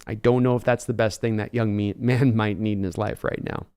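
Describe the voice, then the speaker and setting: A man's voice: fairly low pitch, fairly even intonation, fairly quick, dark tone, clean tone. A young man hosting a live reaction stream, reading out viewer donations in a rambling, self-deprecating way with frequent laughs. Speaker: livestream host.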